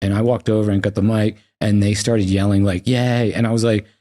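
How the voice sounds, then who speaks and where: Speaking quickly in a fairly low voice, this American podcast guest spins casual stories full of profanity. He's animated and performs the quoted lines himself.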